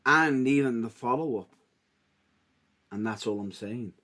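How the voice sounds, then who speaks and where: A man's voice: medium pitch, measured pace, bright, forceful tone. A man co-hosting a casual wrestling podcast who teases his co-host in a playful way. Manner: teasing, playful.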